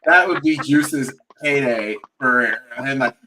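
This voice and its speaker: A man's voice: mid-range voice, huge pitch swings, slow, gravelly, background noise. A man in his early thirties hosting a casual watch-along chat with friends, joking and leading the group. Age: early 30s. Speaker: podcast host.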